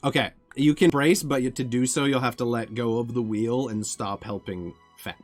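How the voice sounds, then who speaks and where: A man's voice: mid-range voice, steady tone, normal speed, soft background music. A man narrating a tabletop game as game master, describing scenes with filler restarts.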